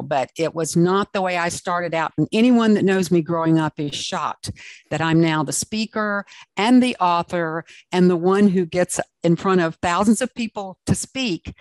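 A woman's voice: on the low side, a little mellow, no echo. A woman from South Carolina with a Southern accent, a guest author and speaker telling her story in an interview in an earnest, emphatic way.

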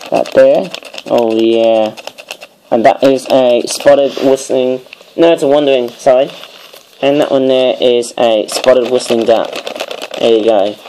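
A man with a hoarse, worn-out voice chats loosely through a show-and-tell of his toys indoors. He rambles from thought to thought at an everyday middle pitch. A faint hiss sits under his voice. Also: warm tone, low-quality recording. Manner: rambling, filler-heavy, keeps tagging "I suppose". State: hoarse, voice giving out. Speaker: toy review vlogger.

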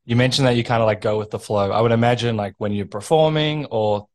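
Male podcast host, mid-pitched, upbeat, affirming interviewer who laughs a lot. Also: quick pace, a little mellow. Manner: enthusiastic, laughs and affirms often. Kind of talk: casual interview.

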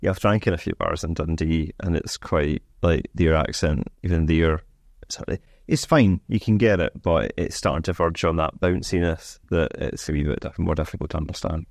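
A man's voice: very deep voice, normal speed, creaky, no echo, studio quality. A man chatting casually on a podcast, blunt and sweary in his manner. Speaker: podcast co-host.

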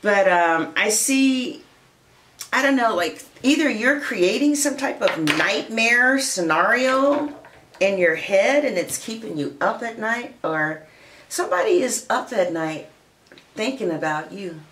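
A woman tarot reader chats to her viewers in a playful, teasing way and laughs often. Her voice swings widely in pitch while she keeps an unhurried pace. She sounds like she is in a bare, echoey room. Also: big pitch swings, a bit bright. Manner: addresses listeners as honey and darling. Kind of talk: casual tarot reading chat.

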